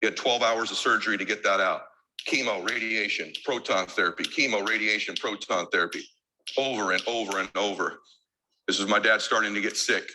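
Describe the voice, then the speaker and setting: A man's voice: fairly low pitch, brisk, bright, forceful tone, slight background noise, low-quality recording. A man giving an emotional keynote speech as a motivational speaker, emphatic and driven by insistent repetition.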